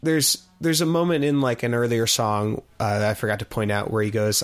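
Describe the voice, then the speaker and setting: A man's voice: mid-range voice, flat delivery, fairly quick. A man co-hosting a casual podcast chat, thinking aloud in a rambling, restarting way. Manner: rambling, thinks aloud, many fillers and restarts, laughs easily. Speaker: podcast co-host. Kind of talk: casual chat reviewing an album.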